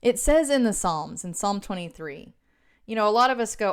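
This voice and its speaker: A woman giving a casual Christian devotional talk to camera, earnest and chatty, drifting into side notes with quick laughs. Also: medium pitch, expressive, clean tone. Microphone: own microphone.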